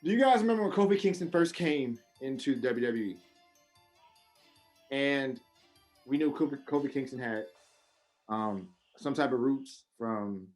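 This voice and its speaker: On a laid-back wrestling podcast, this co-host lets loose with animated, foul-mouthed rants. His voice jumps between loud, high-pitched outbursts and low muttering.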